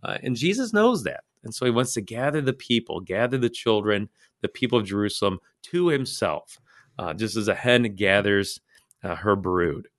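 A man's voice: on the low side, big pitch swings, moderate pace, a bit bright, no echo, clean studio sound. A man co-hosting a casual Bible study chat, earnest and reflective, with frequent fillers and restarts. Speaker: co-host discussing Bible passages.

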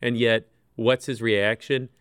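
A man co-hosting a conversational Bible discussion, thoughtful and gentle, with casual fillers as he reflects. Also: mid-range voice, level tone, takes it slowly, smooth, no room sound. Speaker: co-host.

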